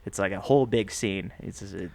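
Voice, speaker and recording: A man co-hosting a podcast, recapping a movie plot in a casual, animated way, laughing often and slipping into voices for the characters. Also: sits low, moderate pace, creaky, no echo. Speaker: podcast co-host.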